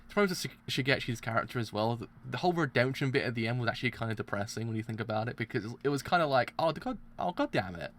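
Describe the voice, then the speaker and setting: A man streaming live reaction commentary, excitable, groaning and repeating himself as he talks. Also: mid-range voice, rapid-fire, hardly any pauses.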